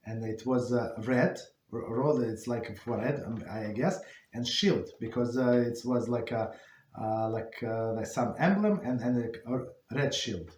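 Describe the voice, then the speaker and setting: A man telling a story to a religious study class and leading the session, speaking haltingly and often restarting or correcting himself. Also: medium pitch, a little mellow, a little hiss or hum. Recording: roomy echo.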